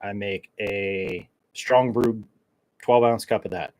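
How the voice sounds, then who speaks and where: Low-voiced, rambling, wired podcast host. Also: male voice, steady tone, slow, darkish tone, poor audio. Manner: rambling, joking, caffeine-wired, many fillers. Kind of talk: casual solo chat.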